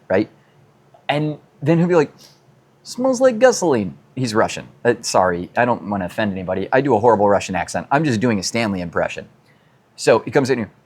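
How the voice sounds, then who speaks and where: A mechanic who also hosts a show works on a car in his workshop, chatting in a rambling, self-deprecating way. His voice is lowish with a darkish tone, and the talk is casual.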